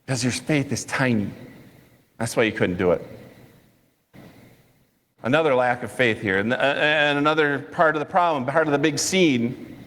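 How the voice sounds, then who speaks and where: A man preaching a sermon as pastor, telling stories in a lively way and acting out quotes with sudden high-pitched outbursts. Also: moderate pace, long pauses. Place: church sanctuary. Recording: church sanctuary with long reverb.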